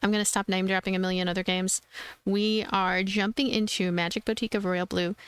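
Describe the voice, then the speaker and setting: A woman's voice: mid-range voice, a bit bright, clean tone. A woman hosting a game let's play, chatty and giggly, in casual commentary. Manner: chatty and giggly, many likes.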